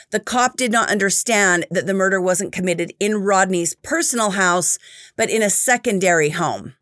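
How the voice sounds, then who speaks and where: A woman hosting a true crime show, narrating and commenting in a measured, opinionated way. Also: mid-range voice, a bit bright, dry recording, clean studio sound.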